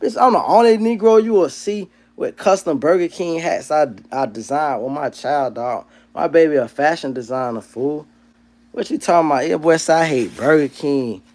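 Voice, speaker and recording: A man hosting a casual livestream, reading chat comments aloud. His talk is slangy and profane, and it swings from low mumbled asides to loud, heated rants. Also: normal speed. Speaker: livestream host.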